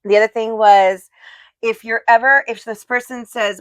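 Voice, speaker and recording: A woman's voice: on the high side, fairly even intonation, normal speed, dry recording. A woman co-hosting a casual chat show, talking in a chatty, rambling way with restarts. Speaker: co-host.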